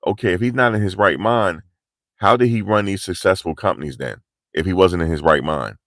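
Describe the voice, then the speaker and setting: Male vlogger, low voice, animated and slangy, live outdoors, dry close sound. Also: no echo. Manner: animated, slangy, pushing energy. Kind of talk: live street commentary. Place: outdoors in cold, rainy weather.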